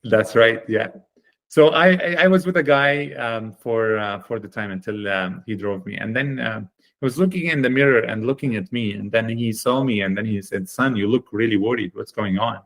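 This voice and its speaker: A man guesting on a podcast interview, telling his story in an earnest, animated way with plenty of fillers. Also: medium pitch, moderate pace. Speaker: guest, chocolate company founder.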